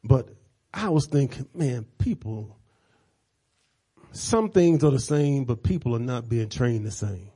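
A middle-aged male preacher delivering a sermon, moving from casual asides to fervent, repeated call-and-response shouting. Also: mid-range voice, expressive, measured pace, slightly rough. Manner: repeats phrases for emphasis, casual conversational asides.

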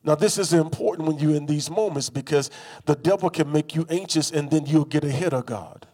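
High-voiced preacher leading a call-and-response sermon. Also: male voice, a little fast, dark tone, slightly rough. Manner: call-and-response, has congregation repeat phrases; rhythmic repetition, rising to emphatic bursts.

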